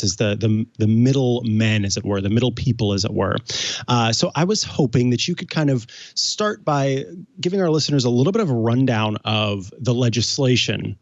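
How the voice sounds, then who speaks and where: A man's voice: mid-range voice, no echo, muffled recording. A man co-hosting a tech news show, chatting playfully with many fillers and restarts. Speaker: co-host. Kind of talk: casual tech news chat.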